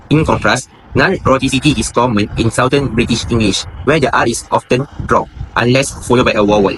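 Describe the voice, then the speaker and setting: A man reads a prepared lecture at an even, measured pace. He sounds like a student presenter, and he pauses to cite his sources. Faint outdoor traffic noise sits behind his voice. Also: mid-range voice, rough recording. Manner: reads steadily, citing sources. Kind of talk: scripted academic narration.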